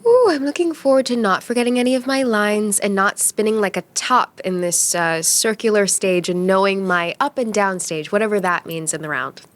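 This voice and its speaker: A bubbly female stage actress chatting in a press interview. She speaks at a middle pitch and lingers on words with expressive emphasis. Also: normal speed, hardly any pauses, no room sound.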